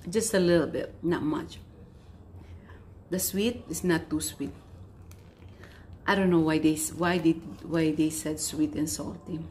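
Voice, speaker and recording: A woman vlogger chatting casually while she tastes snacks, unhurried and talking between bites. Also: on the low side, a little mellow, slight background noise. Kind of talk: casual food-tasting vlog.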